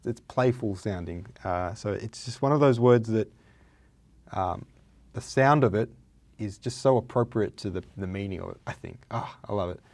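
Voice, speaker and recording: A young Australian man hosting a vocabulary vlog, his voice hoarse and raspy from days of talking, chatting playfully with lots of fillers. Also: on the low side, darkish tone, no room sound. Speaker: vlog host. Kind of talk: casual chat about words.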